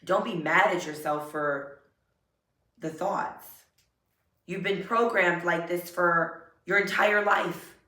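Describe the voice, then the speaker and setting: Slow earnest woman in a roomy echo. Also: on the low side, bright, forceful tone. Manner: earnest, repetitive affirmations, emotional. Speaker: self-help vlogger. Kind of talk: motivational talk to camera. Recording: roomy echo, a bit far from mic.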